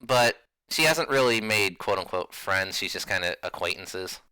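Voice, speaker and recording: A man's voice: low-pitched, normal speed, smooth, no room sound. Laid-back laughing male game master. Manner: laughs often, relaxed and chatty. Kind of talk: running a tabletop game.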